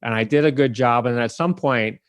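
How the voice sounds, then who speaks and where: A man from the Detroit area hosting a podcast and telling a lively story, acting out the people in it. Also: medium pitch, normal speed, no echo. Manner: animated, acts out the people in his story. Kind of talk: casual storytelling.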